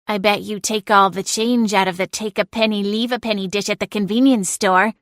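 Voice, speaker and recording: A woman's voice: medium pitch, fairly even intonation, brisk, no room sound, clean studio sound, close to an everyday voice. Celine, a woman doing a grumbling talking cat. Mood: interrogating. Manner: grumbling, blunt, interrogating. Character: snarky nosy female talking cat. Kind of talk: audiobook character voice.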